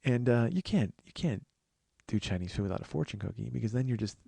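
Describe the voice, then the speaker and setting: A man's voice: medium pitch, lively intonation, fast talker, creaky, dark tone, husky, no room sound. A man in his forties hosting a podcast, telling stories in a rambling comedic monologue. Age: 40s. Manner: rambling storytelling with restarts. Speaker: podcast host.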